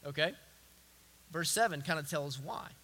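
A man's voice: very high voice, big pitch swings, normal speed, bright, forceful tone. A male pastor preaching a sermon in an emphatic style, repeating words and phrases for weight.

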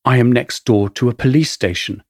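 A man with an English accent narrates his own memoir in a wry, measured storytelling manner. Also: medium pitch, no echo, studio quality. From England. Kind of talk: first-person memoir narration.

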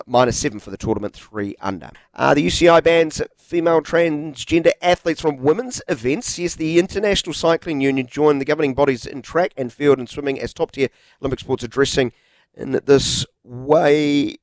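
A man's voice: medium pitch, no room sound. A man hosting a radio sports show, teasing his co-host and reading sports headlines. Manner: teasing, playfully dry. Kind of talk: casual radio banter and sports news reading. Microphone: studio microphone.

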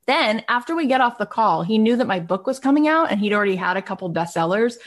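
A woman who hosts a podcast, leading a live online workshop in a chatty, enthusiastic way with many fillers. She jumps up in pitch when she quotes friends. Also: lively intonation, quick pace. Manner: acts out quoted friends in a higher voice. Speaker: podcast host and coach.

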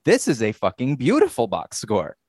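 A man in a loose sports talk show, talking emphatically with lots of swearing and laughter. His voice has an average pitch. The sound is dry and close. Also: wildly swooping pitch, normal speed, a little mellow, husky, dry recording. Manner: emphatic, profane, laughs often. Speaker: podcast co-host. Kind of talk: casual sports chat.

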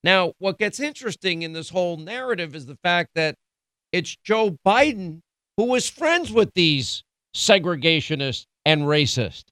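Male talk host, middle-aged, indignant and emphatic; slightly high voice, dry studio sound. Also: sing-song, measured pace, fairly bright tone, no room sound. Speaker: radio talk show host. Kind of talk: political commentary.

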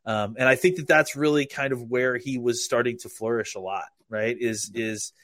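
A man's voice: medium pitch, fairly even intonation, moderate pace, a bit bright, no echo, studio quality. A man analyzing football in casual podcast talk, rambling with frequent restarts.

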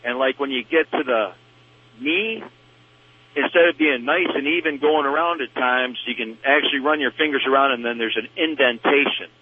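A man's voice: medium pitch, moderate pace, slight background noise. A man calling in to a radio show, chatty and describing his dog's symptoms in detail. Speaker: caller. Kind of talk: phone-in question. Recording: dull phone-in line.

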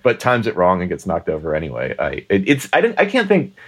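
A man's voice: deep voice, huge pitch swings, fast talker, a bit bright, slightly rough. A man co-hosting a podcast, chatting casually about a movie, rambling with restarts and laughs. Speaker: podcast co-host. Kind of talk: casual chat.

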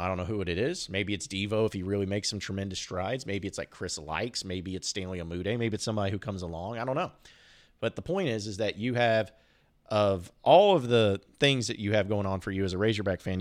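Male sports podcast host with a lowish voice. Loose, rambling monologue with joking asides.

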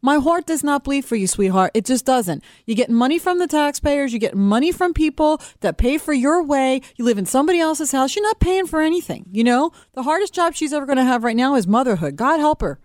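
A woman's voice: high voice, big pitch swings, a little fast, hardly any pauses, darkish tone, dry recording, studio quality. A woman co-hosting a radio talk show, giving blunt, sassy opinions in casual banter. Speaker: radio co-host.

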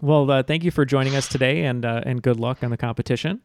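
A man hosting a trivia podcast in casual chat, relaxed and filler-heavy. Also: medium pitch, quick pace.

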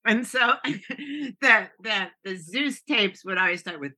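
A woman's voice: fairly high pitch, expressive, slow pace, sharp tone. A woman in her sixties, a guest telling stories in casual chat, often laughing and restarting her sentences.

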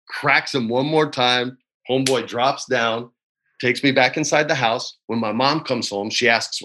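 A man's voice: medium pitch, bright, forceful tone. A man in his forties, a guest in a casual interview, speaking candidly and with feeling, often adding "man" and "dude". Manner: candid, emotional, says "man" and "dude" a lot.

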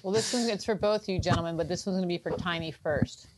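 A woman reads listener questions aloud on a casual podcast, easygoing and lightly amused. Her voice sits somewhat low for a woman. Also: quick pace, heavy background noise. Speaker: co-host reading listener questions. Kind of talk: casual chat.

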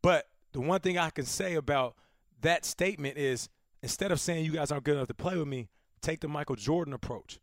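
A man's voice: fairly high pitch, a little fast, no room sound, clean studio sound. A man, a former athlete, hosting a casual sports chat, teasing and agreeable. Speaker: show host, former athlete.

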